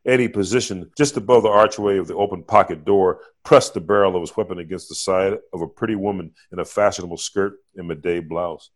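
A man, an author, giving a measured, vivid reading of his own fiction chapter. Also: deep voice.

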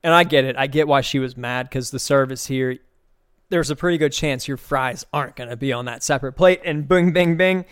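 A man's voice: mid-range voice, a little fast, clear, resonant tone, no echo, studio quality. A man hosting a casual solo podcast, rambling through loose, profane, amused stories and opinions. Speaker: podcast host.

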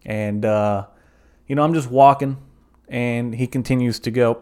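A man's voice: mid-range voice, steady tone, moderate pace, darkish tone. A young man from the southern United States hosting a comedic solo podcast, rambling through profane, jokey bits. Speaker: podcast host.

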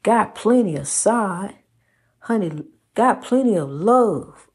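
Woman, preachy, repetitive, swooping pitch, impassioned motivational talk. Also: expressive, slow, a little mellow, breathy edge. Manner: preachy, repeats phrases, calls listener honey. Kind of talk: impassioned faith-based pep talk.

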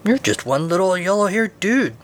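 A man voicing a gloomy, scornful male rat who talks in a deadpan way. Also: sits high, normal speed, pitched above the performer's own voice.

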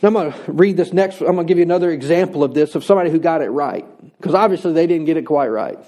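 A man preaching a sermon, earnest, slowing down to press his points. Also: on the high side, dark tone. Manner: earnest preaching, slows for emphasis. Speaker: pastor.

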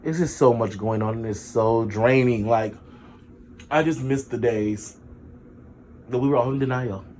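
A man telling a story casually to his viewers, sick with a sore throat and low energy, chatty and expressive, with sudden high exclamations and sassy asides. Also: measured pace, long pauses, slight background noise. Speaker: vlogger.

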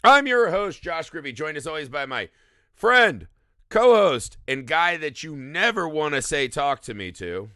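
A man hosting a podcast in casual chat, lively and swearing freely, laughing often. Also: a little high, measured pace, no room sound, studio quality. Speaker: podcast host.

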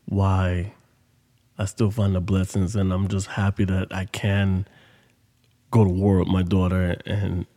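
A man's voice: low voice, little pitch movement, measured pace, mellow, in a large hall. A man hosting a podcast, telling a story in casual monologue with loose, profane street talk. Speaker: podcast host.

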